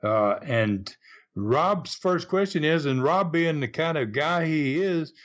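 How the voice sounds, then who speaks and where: A man's voice: fairly high pitch, lively intonation, takes it slowly. An older man with a Southern US accent, a retired wrestling promoter, telling stories in a casual interview in a rambling, folksy way with many restarts.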